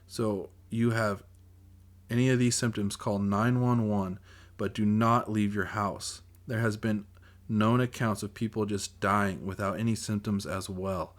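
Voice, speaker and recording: A man's voice: on the low side, steady tone, measured pace, lightly acted. A man voicing a grave television announcer giving a formal emergency warning, in a self-read audiobook. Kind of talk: audiobook character voice.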